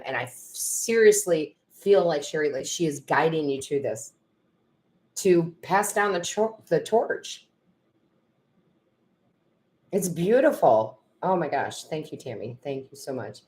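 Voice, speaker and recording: A middle-aged woman with a notably low voice hosts a casual live stream as a tarot reader. She talks to viewers by name, laughs easily and gets emotional.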